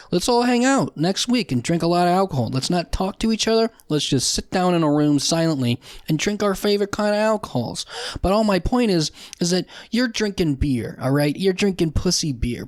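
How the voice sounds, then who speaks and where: A man's voice: on the high side, lively intonation, moderate pace, no room sound. Ranting young man, dry close sound. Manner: profane, ranting, sarcastic, with frequent restarts. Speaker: podcast host. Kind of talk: solo comedy podcast rant.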